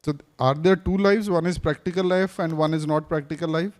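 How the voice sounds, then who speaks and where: A man's voice: on the high side, steady tone, a little fast. A man teaching a live class in a classroom, quizzing his students and repeating his points. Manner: questions the audience, repeats points, switches briefly into Hindi. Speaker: speaking coach teaching a class. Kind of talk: interactive classroom lecture.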